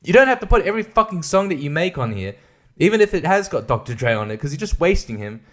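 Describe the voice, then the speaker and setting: A man in a casual ranting review, with a voice sitting a little higher than usual for a man. He swears freely, turns sarcastic and often breaks into laughter as he talks. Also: very animated, quick pace, fairly bright tone. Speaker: music reviewer.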